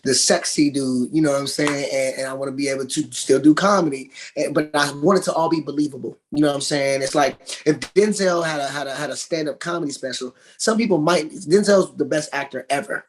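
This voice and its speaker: A man, an actor guest in a casual interview, telling lively stories, acting out quotes and laughing often. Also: fairly high pitch, brisk, few pauses, slight background noise. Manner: animated storyteller, acts out quotes, laughs often.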